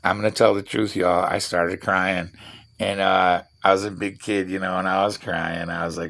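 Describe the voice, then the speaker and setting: A gravelly, low-voiced middle-aged man with a drawl, talking in a loose, rambling vlog monologue. He swears freely and tells things bluntly while he tinkers with tools. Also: flat delivery, measured pace, pauses often, a bit bright. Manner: profane, blunt storyteller; talks while working with tools. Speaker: vlogger.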